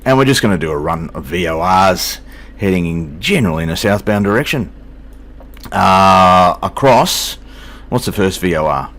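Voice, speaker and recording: A man's voice: sits low, expressive, moderate pace, fairly bright tone. An older man, chatting casually as he hosts a flight simulator video, folksy and self-deprecating. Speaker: flight sim video host. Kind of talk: casual commentary.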